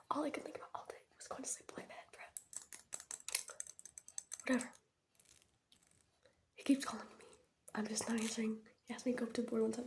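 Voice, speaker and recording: Whispering teen girl, sick with a sore throat, rambling ASMR storyteller; slightly high voice. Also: little pitch movement, quick pace, long pauses. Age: teens. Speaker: ASMR creator. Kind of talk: soft-spoken ASMR rambling. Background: keyboard tapping.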